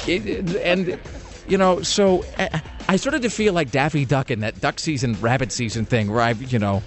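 A man's voice: on the high side, moderate pace, faint music behind. A man, a radio show host, telling a long self-mocking story in casual chat, rambling with comic asides.

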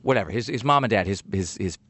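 A man's voice: fairly low pitch, fast, no room sound. A man hosting a radio show, chatting casually and reading a listener's letter, with many fillers. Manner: animated, lively delivery with many fillers.

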